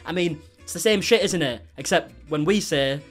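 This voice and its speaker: A man's voice: fairly high pitch, moderate pace, faint music behind. A man doing reaction commentary, sarcastic and incredulous, swearing often. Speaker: commentary YouTuber.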